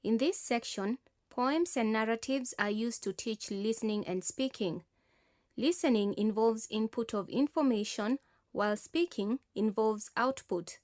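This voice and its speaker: Clear, high-voiced woman narrating a lesson. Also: darkish tone, dry recording, studio quality. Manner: measured, instructional.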